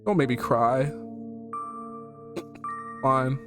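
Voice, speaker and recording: A man's voice: mid-range voice, very slow, music in the background. A man playing a horror game on stream, reading the game's lines aloud and reacting with laughter and a lot of swearing. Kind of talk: let's play commentary, reading game text aloud.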